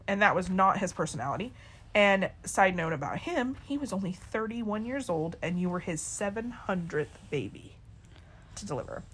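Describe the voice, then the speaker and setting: A woman with a husky, slightly breathy voice, telling a story in a relaxed, conversational way. She talks to her daughter like it's a kitchen-table chat, throwing herself into each person she quotes. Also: lowish voice. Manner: lively storyteller who acts out quoted people. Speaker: podcast co-host.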